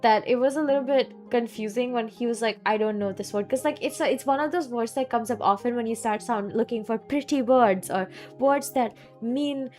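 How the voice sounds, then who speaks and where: A woman's voice: a little high, moderate pace, hardly any pauses, a little mellow. A young woman in her twenties with a Southeast Asian accent, rambling through stories in a casual chat while streaming a game. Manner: rambling, chatty storytelling full of "like". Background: faint background music.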